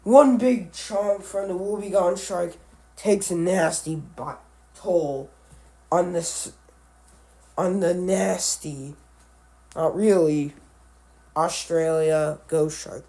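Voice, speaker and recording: A male animal vlogger talks through creature matchups at an unhurried, slow pace. He often stops mid-word to restart or correct himself. He drifts into offhand, musing asides along the way. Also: high-pitched, dark tone. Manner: halting, with frequent restarts and self-corrections. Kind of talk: casual commentary on animal matchups.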